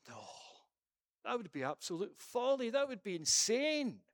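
A man's voice: extremely high pitch, big pitch swings, normal speed, dry recording, clean studio sound. A man preaching a sermon and then leading a prayer, emphatic, with rhetorical questions and repeated phrases.

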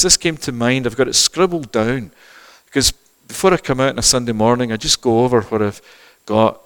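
A middle-aged male pastor giving a sermon, moving from quiet conversational asides to loud, fervent preaching. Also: mid-range voice, smooth. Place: church. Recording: reverberant church hall.

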